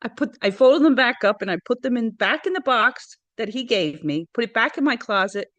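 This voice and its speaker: A middle-aged woman telling a personal story in an interview, earnest and hesitant, with frequent pauses and restarts. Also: on the high side, lively intonation, a bit bright, no room sound. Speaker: interview guest.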